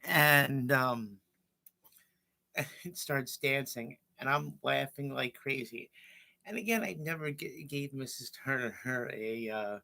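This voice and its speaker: A man, telling stories on his livestream in a rambling, halting way. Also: mid-range voice, bright, forceful tone. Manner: rambling, halting, with fillers and self-corrections. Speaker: livestream host. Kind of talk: casual storytelling.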